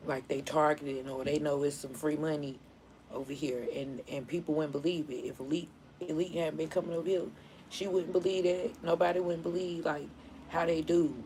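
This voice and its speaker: Animated woman chatting on a live stream. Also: low-pitched, moderate pace, a little hiss or hum, rough recording. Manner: animated storytelling, laughing often. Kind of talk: casual live-stream chat.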